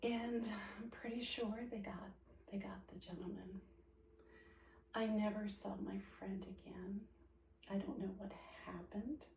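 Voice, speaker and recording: A slow, mellow-voiced woman tells a personal story, softly and often close to a whisper. She sounds set back from the mic in a roomy space with faint ambience behind her. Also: mid-range voice, steady tone, recorded from a distance, a little hiss or hum. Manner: soft-spoken, often sinking to a near whisper. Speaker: storyteller sharing personal memories.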